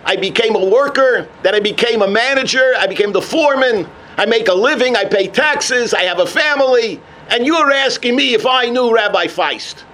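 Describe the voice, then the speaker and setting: Animated high-voiced rabbi telling a story. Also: male voice, moderate pace, hardly any pauses. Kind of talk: sermon on the weekly portion.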